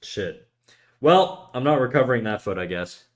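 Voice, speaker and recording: A man's voice: mid-range voice, sing-song, moderate pace. A young man from Canada with a Canadian accent, chatting casually and joking while he draws on stream, rambling and swearing freely. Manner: rambling, profane, joking storyteller. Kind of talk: casual chat while drawing.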